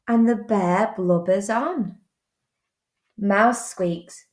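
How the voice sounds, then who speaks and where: Teacher lady reading a kids book real slow, echoey room. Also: on the high side. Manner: slow, careful, expressive reading. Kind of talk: storybook read-aloud. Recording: roomy echo.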